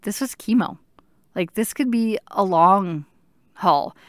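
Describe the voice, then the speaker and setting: A woman in her thirties telling her own story in an earnest, halting way, stopping to search for words. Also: medium pitch, dry recording, studio quality. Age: 30s. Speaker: patient sharing her story. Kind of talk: personal storytelling.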